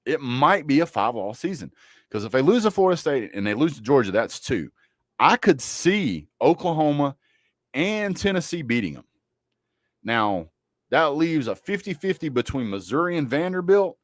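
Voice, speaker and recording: A man's voice: on the high side, sing-song, moderate pace, no echo, clean studio sound. A man hosting a casual college football livestream, joking and trash-talking bluntly about teams and players. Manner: joking, blunt trash talk with a Southern drawl of words. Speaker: sports livestream host.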